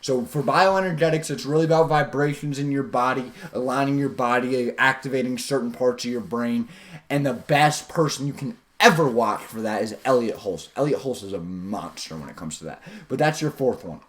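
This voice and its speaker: A man hosting a self-improvement video, giving a casual, slangy motivational talk that includes guided visualizations. He swings his pitch up and down for emphasis. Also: moderate pace, a bit bright.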